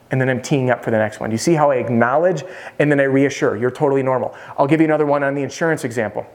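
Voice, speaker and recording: A man's voice: mid-range voice, very fast. A man coaching roofing salespeople in a casual, direct way, talking straight to the viewer. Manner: direct and conversational, addressing the viewer as "you". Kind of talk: casual instructional talk to camera.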